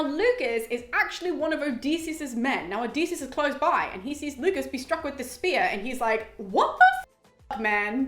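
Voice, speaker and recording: Chatty animated woman in an echoey room. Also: sits high. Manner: chatty, animated, swears, lots of "like". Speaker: host. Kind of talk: casual explainer.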